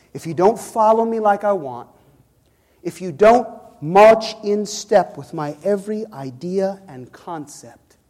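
A man from Chicago preaching a sermon as pastor, building emphasis and calling out to the congregation. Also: high-pitched. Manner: preaching with rising emphasis and audience call-outs. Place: church sanctuary. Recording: long reverb in a church hall.

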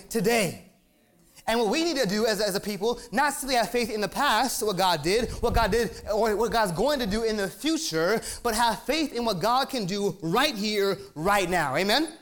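Male preacher, high voice, excitable sermon, calls for amens, repeats words when fired up. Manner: excitable, emphatic, asks the crowd for amens.

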